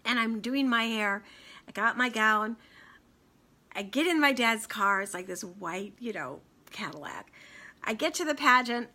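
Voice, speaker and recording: A middle-aged woman and radio host telling a personal story in a casual, animated way, acting out the people she quotes and laughing often. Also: on the high side, a little slow.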